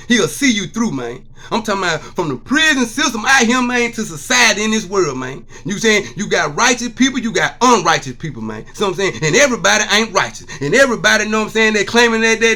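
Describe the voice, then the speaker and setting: A man's voice: high-pitched, pushed and bright. A man giving an emotional, preachy testimony monologue to his viewers, repeating "see what I'm saying.". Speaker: vlogger.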